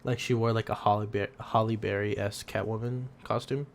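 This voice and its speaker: Low-voiced young man, casual podcast chat. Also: fairly even intonation, fairly quick, gravelly, a little hiss or hum. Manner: rambling, laughs often, swears casually. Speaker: podcast co-host.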